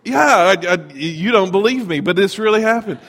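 Animated preacher man in a reverberant hall. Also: sits high, normal speed. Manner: storytelling, animated, conversational. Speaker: pastor. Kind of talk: sermon.

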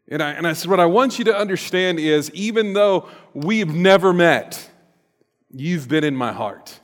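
A middle-aged man preaching from the pulpit, his voice sitting a little higher than most men's. He talks casually with fillers and restarts, then surges into loud emphasis. A long hall reverb trails every phrase. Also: expressive, moderate pace. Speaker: pastor. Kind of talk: sermon. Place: church sanctuary.

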